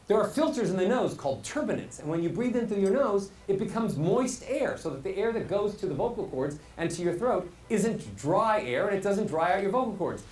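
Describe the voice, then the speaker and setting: A man teaching a live workshop as a voice coach, animated and demonstrative, asking his audience questions. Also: sits high, a little fast, hardly any pauses. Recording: roomy echo, faint hall ambience.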